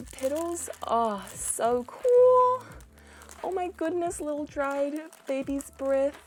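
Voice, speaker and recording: A young woman with a New Zealand accent, a doll artist unboxing a doll in an excited vlog, full of breathless delighted gasps. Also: fairly high pitch. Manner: gushing, breathless exclamations of delight.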